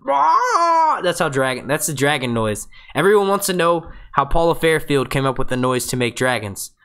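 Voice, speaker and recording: A man hosting a live show breakdown, talking excitably and swearing a lot, dropping quick jokes and impressions. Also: medium pitch, clear, resonant tone. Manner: excitable, profane and jokey, does quick impressions. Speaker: livestream host. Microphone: webcam mic with green screen.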